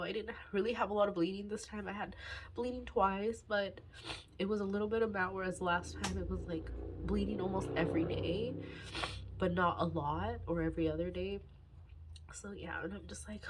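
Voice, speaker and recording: Casual vlogger, woman in her twenties, husky tone, emotional and near tears, halting delivery. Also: medium pitch. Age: 20s. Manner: halting, sighing, many fillers and restarts. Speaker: budgeting vlogger. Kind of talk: candid personal vlog talk.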